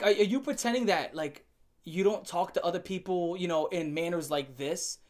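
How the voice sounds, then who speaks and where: A woman hosting an opinion rant to camera, blunt and profane with a sarcastic edge, pushing her points with sharp jumps in pitch and loudness. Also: fairly quick. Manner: emphatic, swings up and down in pitch and loudness. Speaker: commentary channel host.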